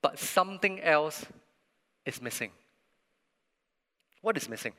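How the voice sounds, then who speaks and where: A man preaching a sermon, telling a family story in an earnest, animated way with emphatic pauses. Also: a little high. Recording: long reverb of a large hall.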